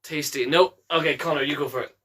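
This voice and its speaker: A Scottish co-host in casual chat, quick, swearing and laughing a lot. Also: medium pitch, steady tone, sharp tone, slightly rough.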